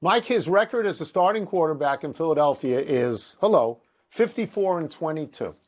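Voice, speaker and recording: A man's voice: on the high side, lively intonation, normal speed. An older man co-hosting a sports talk show, sardonic and dry, reading out quotes and posing questions.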